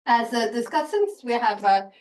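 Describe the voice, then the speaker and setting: A woman chairing an academic seminar, introducing the speaker in a halting way with frequent pauses. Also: a little high, big pitch swings, recorded from a distance, poor audio.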